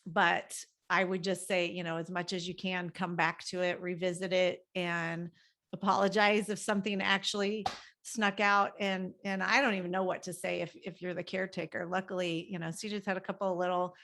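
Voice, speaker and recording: A woman's voice: lowish voice, flat delivery, moderate pace, fairly bright tone. Middle-aged woman, guest counselor, casual podcast chat, candid and rambling, lots of fillers.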